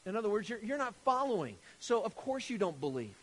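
A man with a notably high voice preaches a sermon, reading scripture and commenting on it. He talks with lively emphasis, swinging between hushed points and loud rhetorical questions aimed at his listeners. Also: brisk, slightly rough.

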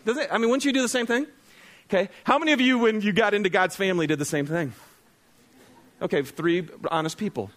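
This middle-aged pastor has a high, fairly bright voice and talks quickly. His sermon feels casual and conversational; he asks the congregation questions and jokes at his own expense.

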